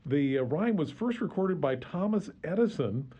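A man's voice: fairly high pitch, very animated, warm tone, breathy edge, lo-fi sound. A man guesting on a radio show, chatting about history with frequent laughs, fillers and restarts. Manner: chuckling, halting with many fillers. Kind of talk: casual radio chat.

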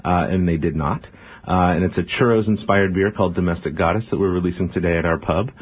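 This man's voice sits low with a breathy edge. He owns a brewery and, as a guest on a radio interview, talks fast and earnestly, packing his speech with "uh"s, all through a dull lo-fi radio sound.

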